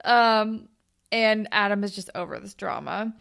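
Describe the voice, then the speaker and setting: A woman's voice: medium pitch, unhurried, gravelly, a bit bright. A young woman co-hosting a podcast, recapping a TV episode in casual chat, laughing often and filling with "like" and "um". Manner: chatty, laughs often, lots of "like" and "um". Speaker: podcast co-host.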